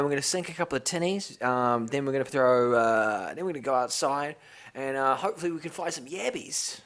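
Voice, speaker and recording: A man's voice: high voice, a bit bright. A man putting on a rowdy Australian bloke. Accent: put-on Australian. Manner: slangy, rambling, swears freely. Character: laid-back young Australian bloke, crude and rowdy. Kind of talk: comedic impression on a podcast.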